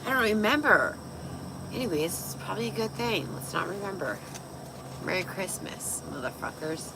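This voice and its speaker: A young woman with a raspy voice, tipsy and chatting casually on a livestream, loose, giggly and swearing. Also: lowish voice, expressive, normal speed, heavy background noise. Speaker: vlogger.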